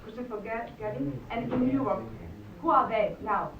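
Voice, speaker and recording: A woman from France with a French accent, asking a question from the audience, halting and nervous. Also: on the high side. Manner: hesitant, halting, laughs nervously. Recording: distant echoey mic, muffled, noisy.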